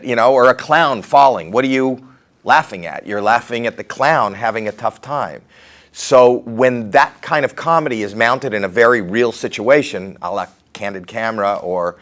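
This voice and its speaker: A middle-aged man with a Canadian accent, talking through his comedy career in a candid, rambling, self-deprecating interview. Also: on the low side.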